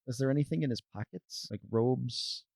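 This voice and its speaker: A man's voice: medium pitch, moderate pace, creaky, a little mellow, no room sound, clean studio sound. A man playing a tabletop game, joking and chatting playfully. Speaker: player. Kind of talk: casual play chat.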